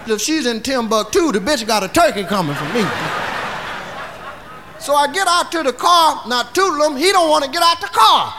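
Pushed and bright, this comedian's very high voice stays animated at a moderate pace. He drawls through bawdy stand-up storytelling, tagging lines with "see?", while the live audience laughs and makes noise.

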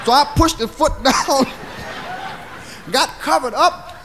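A man's voice: extremely high pitch, slow. A man doing stand-up storytelling in a bawdy, drawling way, tagging lines with "see?". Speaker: comedian. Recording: live comedy record with audience laughter and noise.

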